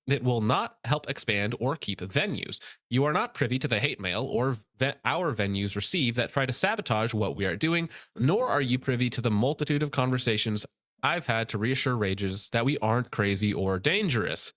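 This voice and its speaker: A man's voice: medium pitch, lively intonation, moderate pace, fairly bright tone, no room sound, clean studio sound. A man hosting a casual commentary show, reading posts aloud and mocking them sarcastically. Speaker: show host.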